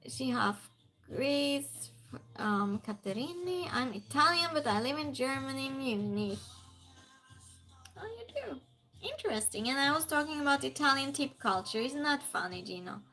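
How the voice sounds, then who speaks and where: Woman, stream host; chatty, laughs easily, greets viewers by name, pitched a bit high. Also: animated, normal speed, sharp tone, soft background music. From Sweden. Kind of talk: casual livestream chat, reading viewer comments aloud.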